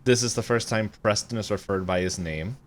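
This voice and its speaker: A man co-hosting a podcast, going through wiki notes in casual chat with frequent ums and pauses. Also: lowish voice. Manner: hesitant, lots of ums while reading notes. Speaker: podcast co-host.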